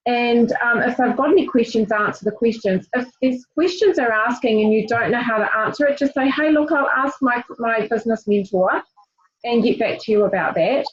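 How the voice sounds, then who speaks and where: A woman with a fairly high voice coaches her team on a group call. She talks directly and encouragingly, full of fillers and restarts. The audio is dull and lo-fi. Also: moderate pace. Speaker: team leader.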